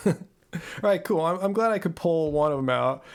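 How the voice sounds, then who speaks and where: Gravelly, chatty man from Southern California. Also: on the high side, expressive, moderate pace. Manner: chatty, laughs often, repeats words as he restarts. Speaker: host. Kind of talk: live-stream Q&A chat. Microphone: own microphone.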